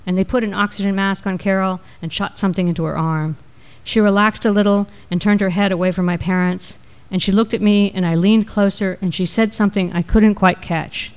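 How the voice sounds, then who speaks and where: Smooth-voiced woman reading a memoir. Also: mid-range voice, a little mellow. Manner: measured, reflective storytelling. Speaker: narrator.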